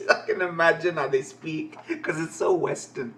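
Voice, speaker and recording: Man, swearing, laughing comic-reading streamer, fairly high voice. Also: fairly even intonation, normal speed, fairly bright tone, a little hiss or hum. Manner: profane, laughing, rambling. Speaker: reaction streamer. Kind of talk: live comic-reading reaction.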